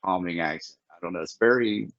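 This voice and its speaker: A man's voice: low-pitched, fairly quick, no room sound, highs cut off. A man from Southern Ohio with an Appalachian accent, hosting a casual chat and restarting his sentences often. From Southern Ohio, USA. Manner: animated, stumbling restarts. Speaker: podcast host.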